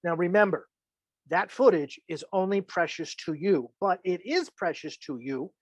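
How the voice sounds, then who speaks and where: High-voiced man teaching casually. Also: normal speed, dry recording. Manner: chatty, joking, acts out imagined reactions. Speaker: filmmaking instructor.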